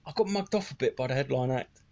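A man, a comedian co-hosting a podcast, telling sweary anecdotes in an animated, casual way. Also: mid-range voice, fast talker. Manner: animated, sweary storytelling, slipping into others' voices.

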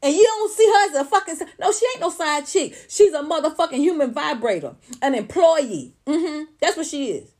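A woman with a slightly high voice rants on a livestream. She is blunt and profane, hammers home each point with emphasis, and speaks directly to her viewers. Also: lively intonation, brisk, few pauses, darkish tone. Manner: talks straight to viewers and chat. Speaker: livestream commentator. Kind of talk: unscripted livestream rant.

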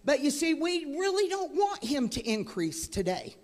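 A woman preaching a sermon as guest speaker into a handheld microphone, moving between chatty asides and fervent, loud preaching. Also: sits high, very animated, moderate pace. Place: church sanctuary. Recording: long hall reverb in a church.

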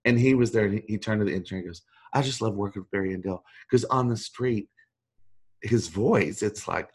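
A middle-aged man, a voice actor, chatting as an interview guest and telling animated, self-deprecating stories with mimicked voices. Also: fairly low pitch, quick pace, breathy edge. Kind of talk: casual interview chat.

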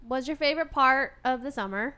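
A woman's voice: high voice, a little fast, clear, resonant tone. A woman co-hosting a podcast, reacting with short asides and steering the chat. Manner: brief reactions, bright and teasing. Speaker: podcast co-host. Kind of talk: casual chat.

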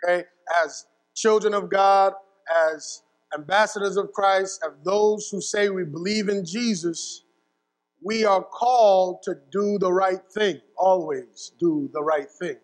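A young man preaching, his voice set high for a man. He tells a story and keeps checking in with "right?" as he goes. His voice carries a long reverb, as if in a big hall. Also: measured pace. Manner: storytelling with asides and repeated "right?". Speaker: pastor. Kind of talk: sermon.

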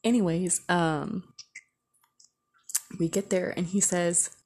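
A woman with a slightly low, breathy-husky voice shares a story in a relaxed, unscripted way. She talks candidly, with plenty of swearing and filler "like"s. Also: slow. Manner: candid, profane, heavy use of "like". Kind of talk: casual storytime monologue.

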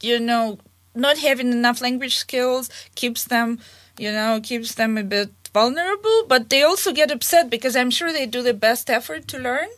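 A woman with a Russian accent and Russian as her first language, telling lively anecdotes as a guest. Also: fairly high pitch, normal speed, no room sound. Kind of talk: storytelling in casual chat.

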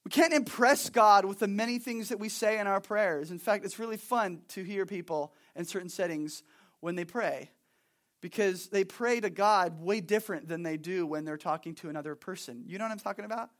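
A young man with a notably high voice delivers a sermon, talking to the congregation as if chatting with friends. He is animated and casual, slipping into acted-out asides and then dropping back to plain talk. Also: normal speed. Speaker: pastor.

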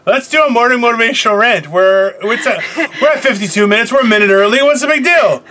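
A man's voice: very high voice, fast talker, background noise. A man hosting a casual chat show from a car, joking, rambling and swearing freely. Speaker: podcast host.

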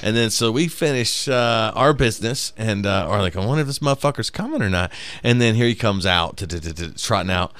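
A man's voice: on the low side, animated, fairly quick, few pauses, a bit bright, clear, resonant tone, no echo. A man casually telling a funny road story on a podcast, laughing through the punchlines.

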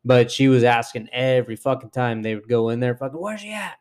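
A man's voice: medium pitch, a little fast, clear, resonant tone. A young man co-hosting a casual chat with friends, telling a work story with lots of swearing and acted-out quotes. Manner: profane, animated storyteller acting out quotes. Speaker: podcast co-host.

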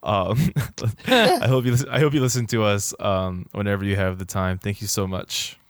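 A relaxed man with a lowish voice chats on a podcast and reads a listener review aloud. He jokes around and trips over his words now and then. The sound is close and dry. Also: normal speed, no echo. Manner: laid-back, joking, stumbling over words. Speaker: podcast co-host. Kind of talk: casual chat, reading a listener review.

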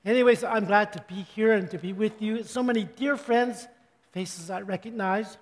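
An older man giving a chatty, joking sermon as a pastor, his voice slightly hoarse and often interrupted by throat clearing. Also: high voice, moderate pace, in a large hall.

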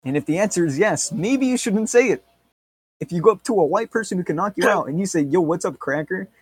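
A man's voice: high-pitched, expressive, fast, husky, no room sound. A man co-hosting a podcast, rambling and joking in casual banter, swearing freely. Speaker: podcast co-host.

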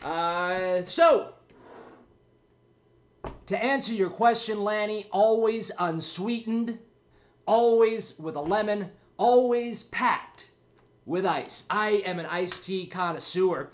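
High-voiced man rambling on his podcast. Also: slow. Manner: rambling, jokey, self-mocking. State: out of breath. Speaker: podcast host. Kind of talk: casual solo podcast chat.

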